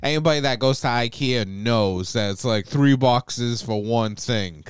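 A man co-hosting a podcast in relaxed casual chat, laughing along as he talks. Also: medium pitch, measured pace, smooth, no echo, studio quality. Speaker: podcast co-host.

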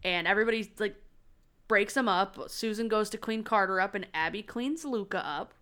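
A woman's voice: mid-range voice, moderate pace, a bit bright, clean tone. A woman co-hosting a podcast, retelling TV scenes in casual chat and acting out the lines. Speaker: podcast co-host.

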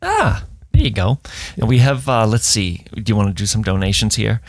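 A man's voice: fairly low pitch, wildly swooping pitch, normal speed, no room sound. A man from New co-hosting a hiking podcast, chatting casually, joking and reading sponsors. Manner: jokey, laughs often. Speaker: podcast co-host. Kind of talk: casual chat and sponsor reads.

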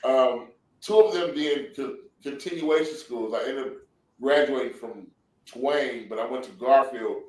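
A man's voice: medium pitch, unhurried, darkish tone. Roomy-sounding man telling loose stories. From San Diego. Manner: loose, laughing, profanity-laced storytelling. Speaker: comedian and actor guest. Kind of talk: casual interview storytelling. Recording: roomy sound from a distant mic.

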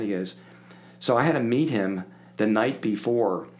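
An older man from the Philadelphia area, a guest telling animated stories and acting out the people in them. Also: mid-range voice, moderate pace. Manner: animated anecdote-telling, acts out quoted voices. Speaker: podcast guest. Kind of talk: casual storytelling.

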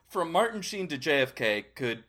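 A man's voice: a little high, sing-song, unhurried, sharp tone. A man co-hosting a comedy podcast, trading jokes in a mock-serious tone. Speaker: podcast co-host. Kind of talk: casual comedic chat.

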